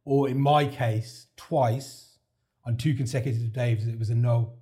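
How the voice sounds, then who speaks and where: A man's voice: mid-range voice, steady tone, unhurried, warm tone. A man, a podcast guest, telling his story in a chatty way and acting out what others said to him. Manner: chatty, relives events by acting out quoted dialogue. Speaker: podcast guest, heart transplant recipient. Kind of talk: casual interview storytelling.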